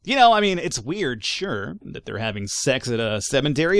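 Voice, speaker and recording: A man narrating his own gameplay in an easy, casual way, mixing read-out reports with dry, sarcastic remarks and the odd curse. His pitch swings widely as he reacts. The sound is close and completely dry. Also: sing-song, normal speed, gravelly, fairly bright tone, no echo. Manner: reads in-game reports aloud, wry and sarcastic asides, swears casually. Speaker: let's play gamer.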